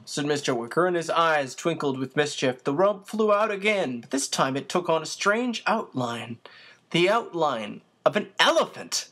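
A steady audiobook narrator reading a chapter of a children's novel. The delivery is even and unhurried, in a middle-pitched voice. Occasional small slips are left in. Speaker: audiobook reader.

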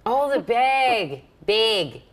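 A woman's voice: on the high side, sing-song, extremely slow. A woman TV news interviewer in a casual chat, playful and laughing a lot as she tries out phrases.

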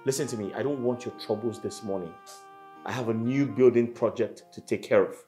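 An actor playing an exasperated, stern husband who scolds indignantly. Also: male voice, medium pitch, a little fast, warm tone, faint music behind, natural voice. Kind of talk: Nollywood film acting.

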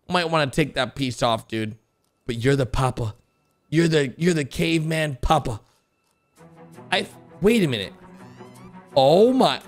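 A young man giving excited reaction commentary on animated videos, with an exclamatory, animated way of talking. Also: on the high side. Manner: animated, exclamatory, frequent gasps and laughs. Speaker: gaming YouTuber reacting to animations.

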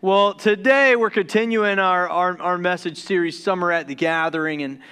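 A man from the Deep South preaching a casual, joking sermon as pastor, who stumbles over his words when excited. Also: moderate pace, clear, resonant tone. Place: church sanctuary.

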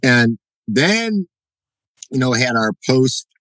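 A middle-aged man spins a story at a conversational, mid-range pitch, dropping into the voices of the people in it and checking in with "right?" as he goes. The sound is dry and close, with almost no room around it. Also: slow pace, dry recording, rough recording. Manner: animated, acts out quoted dialogue, frequent "you know" and "right?". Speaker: podcast guest, jiu-jitsu black belt. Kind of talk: casual storytelling interview.

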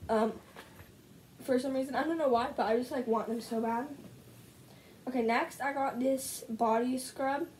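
A teenage girl chats into a camera set up at home, gushing about everything she shows with constant "like" and "so good". Her voice sits a little high and sounds slightly rough. A faint hiss runs underneath. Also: steady tone, normal speed, long pauses, darkish tone, poor audio. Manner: gushing, bubbly, heavy use of "like". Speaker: vlogger. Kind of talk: casual haul video chat. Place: at home, indoors. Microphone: camera set up in front of her.

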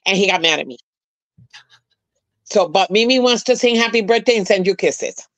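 A woman joins a livestream and talks in a doting, hurried way, at a middle pitch. Her voice sounds close and dry. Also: expressive, no echo. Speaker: guest on a livestream. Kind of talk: casual chat.

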